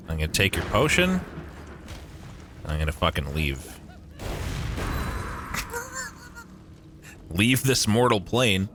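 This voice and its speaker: A man's voice: deep voice, sharp tone, a little hiss or hum. A young man streaming a game live, chatting with his viewers, swearing often and joking sarcastically.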